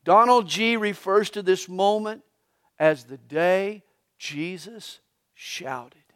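A pastor preaching a live Sunday sermon in a church, telling the story dramatically and swinging between hushed and loud passages. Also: male voice, sits high, takes it slowly. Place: church sanctuary during a live Sunday service.

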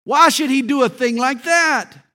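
A man's voice: extremely high pitch, moderate pace, fairly bright tone, voice pushed up. A man voicing a little young male angel who is scornful and puzzled, with a raised, incredulous delivery. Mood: disdainful.

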